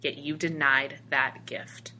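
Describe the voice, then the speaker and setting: A woman doing a calm, mysterious little stranger. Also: deep voice, a little hiss or hum, exaggerated voice. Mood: solemn. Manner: slow, measured.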